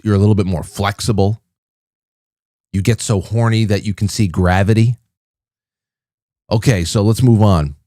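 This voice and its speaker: Middle-aged man, stream host, casual rambling chat, lowish voice, dry close sound. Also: mellow, no room sound. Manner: rambling, repeats his words. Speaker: livestream host.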